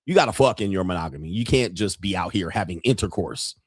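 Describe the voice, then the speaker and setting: A man's voice: deep voice, animated, fast, slightly rough, no room sound, clean studio sound. A man in his fifties hosting a livestream, talking in a crude, joking, brash way. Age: 50s. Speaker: livestream host. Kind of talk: casual livestream commentary.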